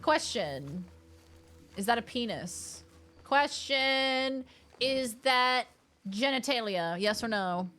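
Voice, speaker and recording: A woman with a high, bouncing voice comments on a game she is streaming from home. She jokes, exclaims and chats with viewers on a desk microphone. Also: slow pace, faint music behind. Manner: animated, jokey, exclaiming at the screen.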